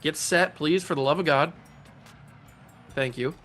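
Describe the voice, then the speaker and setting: Gaming YouTuber, male, slightly high voice, lively play-by-play with playful trash talk, soft music underneath. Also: fairly quick. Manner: excitable, playful trash talk about his own plays. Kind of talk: gameplay commentary.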